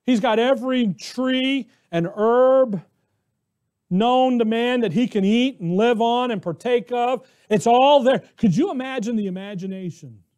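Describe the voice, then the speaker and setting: An American man preaching a conversational, animated sermon who acts out the voices of biblical characters. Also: high-pitched. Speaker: pastor.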